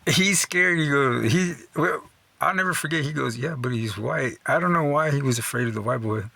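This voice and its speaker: This middle-aged host's voice is fairly high, creaky, pushed, and bright, with brisk pacing and no room sound. He tells stories casually and profanely, leaning on "dude" and "you know" and chuckling at his own anecdotes.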